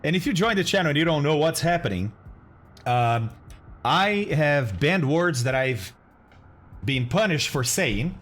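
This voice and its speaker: A man's voice: on the high side, very animated, a little slow, fairly bright tone. A man chatting casually on a live stream, thanking viewers and exclaiming and groaning as he reacts to the chat. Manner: groaning and exclaiming over bad-tasting candy. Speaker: flight simulator streamer.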